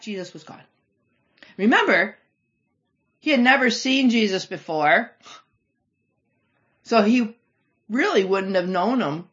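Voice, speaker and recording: A woman teaching a Bible lesson with a lively, expressive voice that swings widely in pitch. She reads scripture aloud with real emphasis. The recording sounds a little dull and lo-fi.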